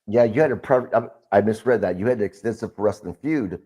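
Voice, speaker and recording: Low-voiced man hosting a wrestling podcast. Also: fairly quick, dark tone, breathy edge. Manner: loose, rambling questions. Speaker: podcast host. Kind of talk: casual interview.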